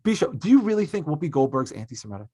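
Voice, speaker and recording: A man's voice: on the high side, very animated, rapid-fire, dark tone, breathy edge, no room sound. A man hosting a podcast, ranting emphatically in casual opinionated chat and swearing freely. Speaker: podcast host.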